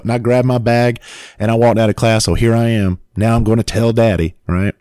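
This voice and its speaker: A man and father telling a story in casual chat, animated and swearing freely, laughing as he goes. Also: medium pitch, brisk, smooth, no echo, studio quality.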